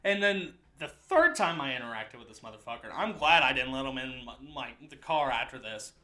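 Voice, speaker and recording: A young man from the American Midwest, co-hosting a podcast and telling profane, animated stories in which he acts out the people he met. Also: mid-range voice, brisk, echoey room. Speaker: podcast co-host. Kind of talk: casual comedic storytelling.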